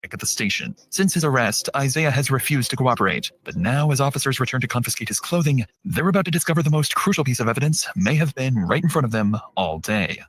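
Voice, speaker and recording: Man narrating a crime doc, quick and suspenseful, mid pitch. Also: expressive, fairly bright tone, breathy edge. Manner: measured, suspenseful delivery. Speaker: documentary narrator. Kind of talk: scripted true-crime narration.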